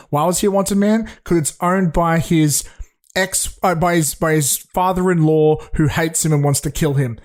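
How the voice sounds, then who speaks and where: A young podcast host talks through a film review in loose, casual chat. His voice sits a little high, and he rambles, swears freely and keeps restarting his sentences. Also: fairly quick.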